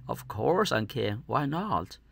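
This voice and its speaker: A man's voice: mid-range voice, sing-song, slow, creaky, fairly bright tone, a little hiss or hum, voice pushed up, heavily acted. A man voicing a kind young peasant servant in a story reading, speaking in a hearty, willing way. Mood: cheerful.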